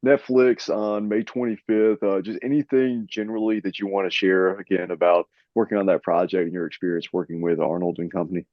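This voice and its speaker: A male interview host asking questions in a halting way with fillers. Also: low-pitched, fairly even intonation, no room sound, dull audio.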